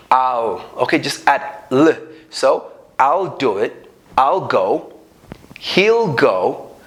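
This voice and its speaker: A man with an Ethiopian accent gives an unrehearsed English grammar lesson, his voice sitting a little higher than most men's. He talks in an animated way and slips into short acted-out exchanges to show how the words are used. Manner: animated, acts out little dialogues. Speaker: English teacher.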